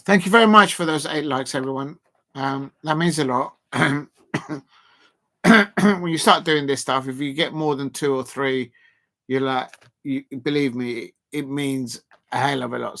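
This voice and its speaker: A man's voice: medium pitch, moderate pace, pushed and bright. A man hosting a casual live stream, reading out viewer comments and rambling with lots of fillers and restarts.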